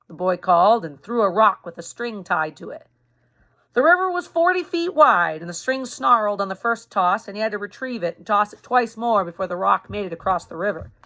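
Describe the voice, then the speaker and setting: A woman reading a historical novel aloud in an even, everyday voice at a middling pitch. Between passages she slips into loose, chatty explanations aimed at young listeners, correcting herself and rereading when she stumbles. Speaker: reader for a youth club.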